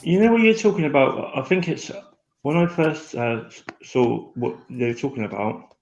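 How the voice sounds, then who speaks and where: A man chatting casually, telling stories in a rambling, animated way with lots of restarts. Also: medium pitch, normal speed, creaky, faint music behind. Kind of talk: casual chat. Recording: dull lo-fi echoey room.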